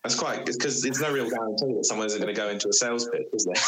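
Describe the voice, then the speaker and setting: A man from England with a Bristol accent, a guest in a casual podcast chat, friendly and quick to laugh. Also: on the low side, sharp tone, low-quality recording. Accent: English, Bristol.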